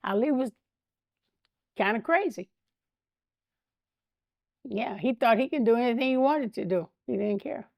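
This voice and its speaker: An older woman, a guest in an interview, telling animated stories and acting out the voices of the people in them, often breaking into laughter. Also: a little high, a little slow, gravelly, pauses often, no echo, lo-fi sound. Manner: animated anecdotes, laughs often, acts out quotes. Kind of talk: storytelling interview.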